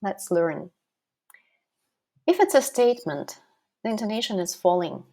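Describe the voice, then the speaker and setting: A woman teaching a language lesson, slowly modeling example sentences and questions. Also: mid-range voice, very animated, creaky, warm tone. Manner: slow, deliberate modeling of example phrases.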